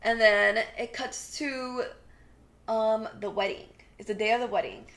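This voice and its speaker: This young woman's voice leans high, and she speaks unhurriedly. As a podcast co-host she tells the story of a TV episode in animated, casual fashion, acting out dialogue and leaning heavily on "like."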